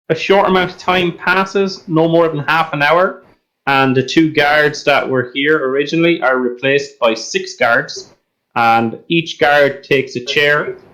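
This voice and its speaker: A man narrating and guiding players as game master, in a relaxed, chatty manner. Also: fairly high pitch, low-quality recording.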